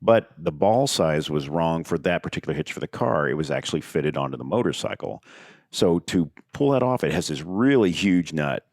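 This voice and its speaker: A man's voice: very deep voice, lively intonation, moderate pace, a little mellow, no room sound, clean studio sound. A middle-aged man co-hosting a podcast, chatting casually, joking and teasing with a ready laugh. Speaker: podcast co-host. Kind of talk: casual chat.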